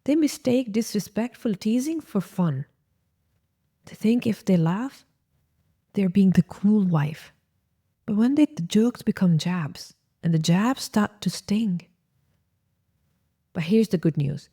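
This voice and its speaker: A woman host giving gentle, coaching marriage advice straight to her listeners. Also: medium pitch, lively intonation, slow pace, long pauses, breathy edge. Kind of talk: advice talk to camera.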